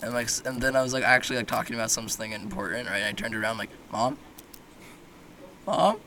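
Bright-voiced joking young man. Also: medium pitch, steady tone, rapid-fire, slight background noise. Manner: joking, rambling, laughs often. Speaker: podcast host. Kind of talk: casual chat.

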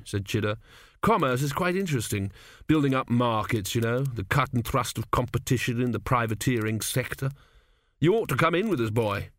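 A man's voice: medium pitch, no echo, lightly acted. A man voicing a chatty young merchant's son who rambles on eagerly about business, in an audiobook. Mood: boastful. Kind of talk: audiobook character voice.

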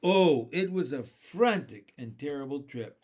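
A man reads a children's storybook aloud in a slow, expressive narration. His pitch is lively and sits a little high for a man, and he corrects a small slip now and then. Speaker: reader. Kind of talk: reading a children's book aloud.

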